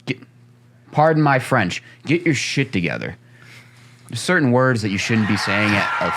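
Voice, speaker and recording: A man co-hosting a casual talk show, blunt and dry, grumbling in a deadpan way. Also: on the low side, normal speed, background noise. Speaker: co-host. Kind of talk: casual banter.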